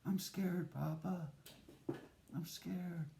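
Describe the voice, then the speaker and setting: A man voicing a frightened little boy who pleads with his parents in a soft, hushed way. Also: high voice, lively intonation, takes it slowly, gravelly, background noise, full character voice. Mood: scared. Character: small scared boy, timid and pleading.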